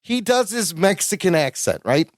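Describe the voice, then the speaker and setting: A man's voice: sits high, normal speed, no room sound, clean studio sound. A man co-hosting a podcast, casually recapping a sitcom episode, telling it with animation and frequent laughter. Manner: animated storytelling, quotes characters, laughs often. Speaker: podcast co-host.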